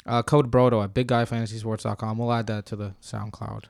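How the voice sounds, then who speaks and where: A young man co-hosting a fantasy football podcast in a relaxed, chatty way. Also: lowish voice, brisk, vocal fry, no echo, clean studio sound. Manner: relaxed, chatty, reads out promo codes. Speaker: podcast co-host. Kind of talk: casual podcast chat.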